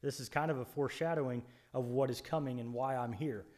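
A man of ordinary pitch co-hosts a conversational Bible study. He explains scripture in an earnest, preacherly manner, often restarting his sentences, and he leans hard on his key points. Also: steady tone, fast talker, a little mellow. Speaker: co-host Bible teacher.

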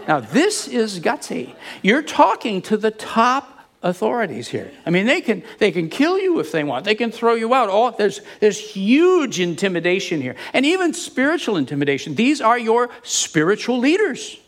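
A man preaching a sermon, retelling a Bible story with animated storytelling and acting out the speakers he quotes. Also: sits high, normal speed.

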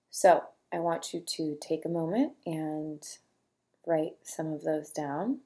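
A young woman hosting a podcast, talking casually to listeners, then reading a long list of feeling words slowly and softly one at a time. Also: sits low, steady tone. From California. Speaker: podcast host.

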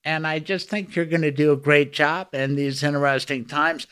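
A man's voice: fairly high pitch, fairly even intonation, moderate pace, bright, forceful tone, clear, resonant tone. A man hosting a lawyers' podcast, chatting enthusiastically with his guest in a casual interview. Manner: enthusiastic, talkative.

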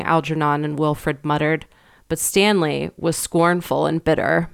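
Smooth low-voiced woman reading a story. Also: fairly even intonation, a little slow, dry recording, clean studio sound. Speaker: narrator.

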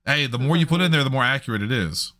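A man's voice: mid-range voice, animated, fast talker, bright, forceful tone, no echo, clean studio sound. A man hosting a podcast, joking around and steering the casual group chat. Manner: joking, directs the show. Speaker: podcast host.

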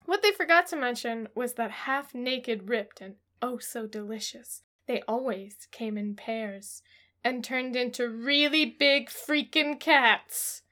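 A woman's voice: fairly high pitch, takes it slowly, pushed and bright. Giggly woman reading with mock drama. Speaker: podcast co-host. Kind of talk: comedic reading of romance synopses.

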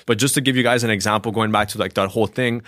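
A man with a lowish voice argues his point on a casual podcast. He sounds emphatic and opinionated, and he often repeats words as he starts a sentence. The sound is dry and close to the mic. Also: fairly even intonation, very fast, a bit bright, dry recording. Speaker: podcast co-host.

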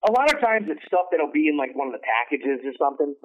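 A man's voice: very animated, fast talker. Man rambling over a tinny line. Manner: rambling, many restarts, acts out quoted lines in a higher voice. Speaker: guest, wrestling commentator. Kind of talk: casual interview talk.

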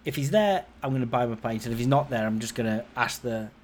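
A man's voice: fast, a little hiss or hum. A man in his forties, a podcast host, telling a long personal story in a casual, rambling way, with his voice rising and falling as he goes. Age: 40s. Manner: rambling, conversational, lively swings in pitch and loudness.

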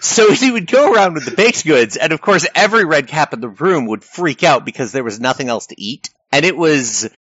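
Guy telling game stories, animated and laughy, dry close sound, kinda muffled recording. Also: on the high side, a little fast, few pauses, husky, no room sound. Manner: lively storyteller, laughs often. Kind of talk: casual chat recapping a live-action game. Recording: dull lo-fi recording.

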